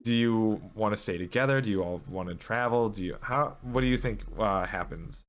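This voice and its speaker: A man narrating as game master of a tabletop game, relaxed and halting, with many fillers. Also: fairly low pitch.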